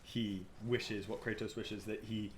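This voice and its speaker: A man's voice: fairly low pitch, unhurried, crowd noise. A man co-hosting a casual game podcast, telling the story with energy, cursing freely and acting out the scenes. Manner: animated storyteller, swears, acts out scenes. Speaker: podcast co-host.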